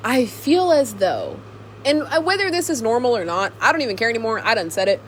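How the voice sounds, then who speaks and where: A young woman talks to her own camcorder, rambling and giggling through a casual vlog. Her voice sits a little high and swoops all over the place. There's a faint hiss of room noise underneath. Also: big pitch swings, a little fast. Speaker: vlogger. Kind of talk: casual chat to camera. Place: alone in a room.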